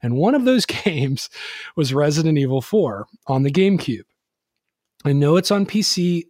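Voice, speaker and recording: This podcast host rambles casually with plenty of fillers. His voice is on the high side and darkish, with big pitch swings at a moderate pace, recorded studio-clean with no echo.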